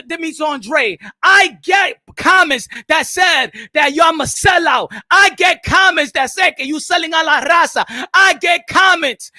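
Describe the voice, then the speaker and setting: A man hosting a boxing commentary channel in a loud, profane, shouting rant that switches between English and Spanish. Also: very high-pitched, no room sound, clean studio sound. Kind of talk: ranting video commentary.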